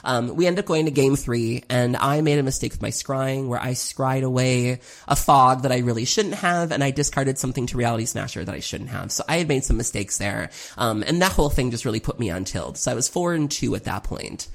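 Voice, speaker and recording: A gravelly, fry-edged voice at a middle pitch tells a long tournament story in a loose, unscripted way. The speaker leans on filler "um"s, swears here and there, and keeps turning the blame back on themself. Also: expressive, fairly quick, few pauses. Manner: rambling, self-critical, frequent ums, occasional swearing. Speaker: competitive card game player. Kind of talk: casual spoken recap.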